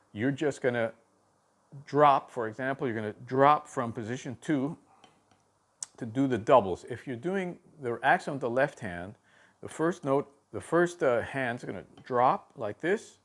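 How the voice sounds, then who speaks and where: Slow-paced male drum teacher. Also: medium pitch, expressive. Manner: halting, with many fillers and restarts, counting aloud. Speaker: drum instructor. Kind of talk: video drum lesson.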